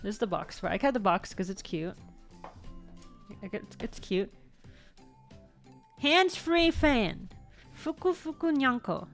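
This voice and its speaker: An American woman VTuber vlogger with a voice on the high side chats casually about things she bought, animated but a little slow and pausing often. She rambles, corrects herself as she goes, and swears now and then in this show-and-tell chat. Faint music plays behind her.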